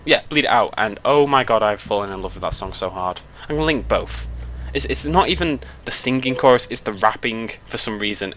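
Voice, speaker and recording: A man's voice: medium pitch, expressive, fairly quick, hardly any pauses, a bit bright, faint music behind. Chatty British young man rambling on a road trip. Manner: chatty, rambling, self-interrupting. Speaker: YouTuber. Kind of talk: casual chat to camera. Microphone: headset mic.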